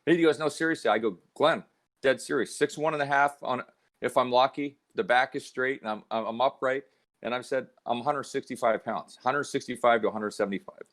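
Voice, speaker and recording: A man's voice: mid-range voice, brisk. A middle-aged man from Canada, a hockey analyst, telling stories in a casual podcast chat and acting out the voices he quotes. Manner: animated storyteller, acts out quoted voices.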